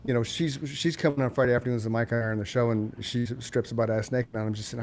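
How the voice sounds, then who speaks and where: A man in his fifties co-hosts with rapid, excitable chatter, joking and speaking candidly. His voice has a medium pitch, and a faint low rumble sits underneath it. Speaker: co-host. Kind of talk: casual chat.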